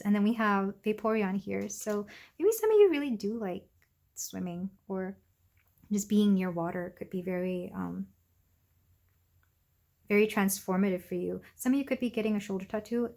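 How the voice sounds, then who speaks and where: A woman's voice: medium pitch, vocal fry. Chatty young woman reading tarot. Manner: gentle, chatty, frequent ums and asides. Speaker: tarot reader. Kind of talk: casual pick-a-card tarot reading.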